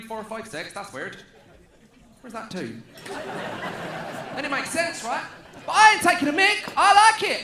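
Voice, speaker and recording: A stand-up comedian from Luton, England, with a southeast English accent performs a cheeky, playful routine at a large stadium conference venue, calling out to the crowd. His voice is very high-pitched, and the sound is reverberant.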